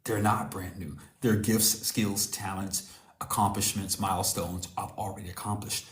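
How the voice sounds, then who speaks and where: Low-voiced guy preaching casual and slangy, calls you cousin, echoey room. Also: level tone, moderate pace. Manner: preachy, slangy storytelling, addresses listener as cousin. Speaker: motivational speaker. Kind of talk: casual motivational talk.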